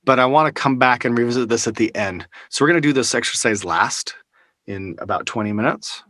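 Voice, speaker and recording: A man with a medium-pitched, slightly bright voice runs a live online workshop, speaking a little fast and casually, full of fillers and restarts. He's on a close-up studio microphone over a video call, and the recording is dry.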